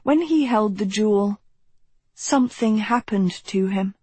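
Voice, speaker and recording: A woman reading fiction aloud at an unhurried, measured pace. Her voice is husky, and the close recording sounds dry with no room around it. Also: mid-range voice, darkish tone, no echo. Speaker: audiobook narrator. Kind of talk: scripted narration.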